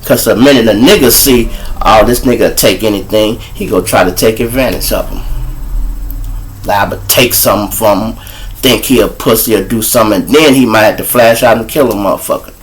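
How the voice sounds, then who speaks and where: A man's voice: on the low side, brisk. A man hosting a live show, telling crude, preachy comic stories. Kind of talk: profane comic storytelling.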